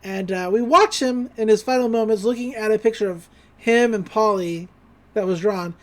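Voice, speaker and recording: A podcast co-host recapping a cartoon episode in casual chat, bouncing into quick character voices as the scenes are retold. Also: mid-range voice.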